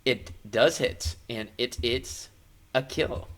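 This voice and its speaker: A man's voice: mid-range voice, slow pace, fairly bright tone. A man narrating a live-streamed tabletop game as game master, playful and jokey, with frequent fillers.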